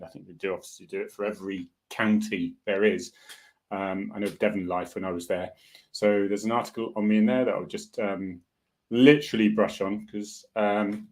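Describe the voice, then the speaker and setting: Chatty lower-voiced man on a livestream. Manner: chatty and rambling, greets viewers by name. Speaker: livestream host. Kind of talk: casual chat with viewers. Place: lodge indoors.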